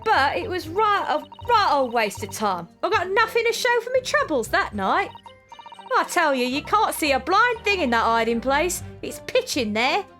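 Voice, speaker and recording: Woman voicing a cheeky young street pickpocket girl, British accent, high voice, lively swoops, hoarse, faint music behind. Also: normal speed, full character voice. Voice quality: cockney-style slang, rough and cheeky. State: hoarse, voice going.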